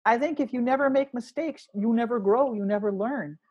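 A woman's voice: a little high, a little fast, a little mellow, husky, highs cut off. A woman musician talking casually in an interview, rambling with restarts as she thinks aloud. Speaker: musician guest.

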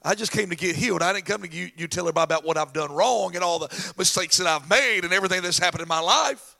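Preacher voicing a jittery paralyzed man, low and pleading, rough-edged. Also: quick pace, pushed and bright, long reverb tail, exaggerated voice. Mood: nervous, pleading. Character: paralyzed man on a mat, nervous, protesting.

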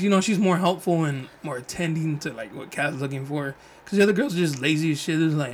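A woman's voice: low-pitched, fast talker, few pauses, slight background noise. A woman co-hosting a casual chat, blunt and gossipy, swearing freely.

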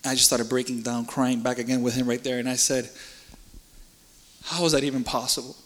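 A man's voice: medium pitch, flat delivery, fairly quick, a bit bright. A man giving an emotional personal faith testimony in casual, earnest speech, often repeating words. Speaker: church member giving a testimony. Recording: reverberant hall.

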